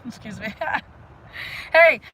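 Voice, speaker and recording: A woman hosting a casual live stream outdoors, talking energetically and rambling to her viewers with lots of fillers and sudden loud bursts. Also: fairly high pitch, steady tone, normal speed, a little hiss or hum, poor audio. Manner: frequent "like" fillers. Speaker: livestream host. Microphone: phone live stream.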